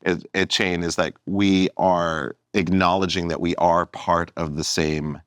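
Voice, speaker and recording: Deep-voiced man, rambling and animated. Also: a little slow, clean tone, dry recording. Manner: rambling, animated, many restarts. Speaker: guest comedian and musician. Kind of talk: casual conversation.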